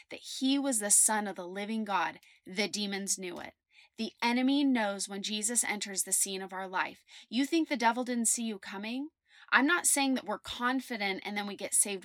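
A woman's voice: mid-range voice, a bit bright, no echo, clean studio sound. A woman giving an earnest devotional teaching, preaching emphatically and reading scripture aloud. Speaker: Christian teacher.

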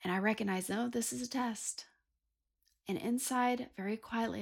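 A woman's voice: a little high, steady tone, normal speed, gravelly, husky. A woman hosting a Christian talk, telling a personal story and acting out her own prayers with earnest feeling. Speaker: podcast host.

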